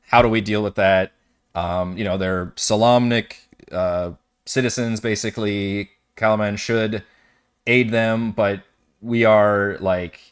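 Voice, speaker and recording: A man's voice: lowish voice, a bit bright, smooth. A man narrating a tabletop game as game master in a casual, rambling way with frequent fillers, over an online voice call.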